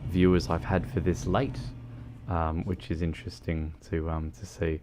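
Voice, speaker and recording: A man's voice: sits low, level tone, normal speed, dark tone, slight background noise. A man chatting casually on a gaming livestream, rambling and hesitant with lots of ums. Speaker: streamer.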